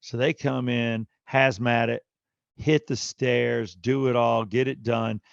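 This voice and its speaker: A middle-aged man with a gravelly, fry-edged voice tells a story on a podcast and slips into animated impressions of everyone in it. The recording is dry and slightly dull, close and without room sound. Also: mid-range voice, slow pace, no echo. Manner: animated storyteller, acting out quotes. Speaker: podcast co-host. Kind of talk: casual storytelling chat.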